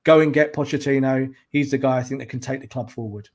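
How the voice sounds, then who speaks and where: A man, a football journalist guest on a podcast, talking in an animated, emphatic way and repeating words to press his points. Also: mid-range voice, fast talker. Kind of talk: casual podcast chat.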